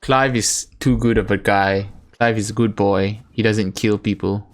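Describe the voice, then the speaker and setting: A man's voice: on the low side, steady tone, measured pace. A man casually commentating a video game in a joking, offhand way. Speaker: gaming streamer.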